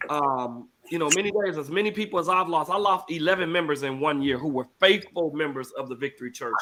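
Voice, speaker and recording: Bright earnest middle-aged pastor host. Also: male voice, on the high side. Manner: earnest, repeats phrases for emphasis. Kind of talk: emotional talk-show testimony.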